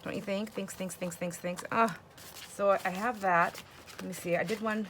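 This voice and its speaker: With slight background noise behind her, a crafting channel host talks at a normal speed in a mid-range, fairly bright voice with fairly even intonation. She works while chatting, laughing frequently and muttering to herself.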